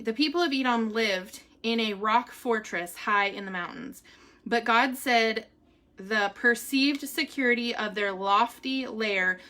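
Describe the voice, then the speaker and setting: A woman's voice: on the high side, bright, forceful tone. A woman, chatting in a rambling, casual way, reading a devotional and giving a family update, sometimes close to tears. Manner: chatty, rambling, with fillers and laughs. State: emotional, near tears at times. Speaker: vlogger sharing a family update.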